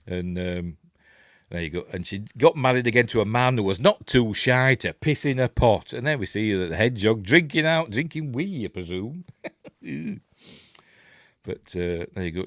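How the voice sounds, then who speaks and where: Yorkshire male host, low-ish voice, dry close sound, rambling chatty film commentary. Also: no echo. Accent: Yorkshire English. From Yorkshire, England. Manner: rambling and chatty, quick asides and chuckles. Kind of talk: casual film breakdown commentary.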